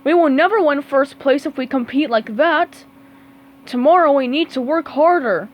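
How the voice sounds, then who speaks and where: A woman's voice: sits high, moderate pace, muffled recording, pitched above the performer's own voice, lightly acted. A woman reading a storybook aloud, voicing a grumpy, demanding male squid coach who barks orders. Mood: bossy. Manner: bossy, barking orders.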